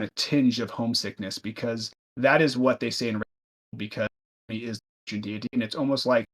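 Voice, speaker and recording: Casual male game master narrating. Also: medium pitch. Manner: casual, loose, many fillers.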